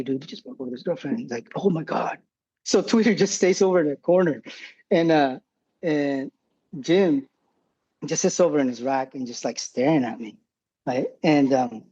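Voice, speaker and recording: Profane, laughing man with a husky voice. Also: a little high, dark tone, dull audio. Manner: profane, rambling, laughs often. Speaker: podcast guest, former combat medic. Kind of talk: casual war storytelling.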